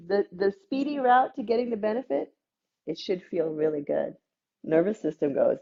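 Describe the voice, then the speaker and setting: A woman teaching a gentle yoga class, calmly cueing breaths and movements with playful asides. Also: fairly low pitch, normal speed, creaky, lo-fi sound. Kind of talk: guided yoga class instruction.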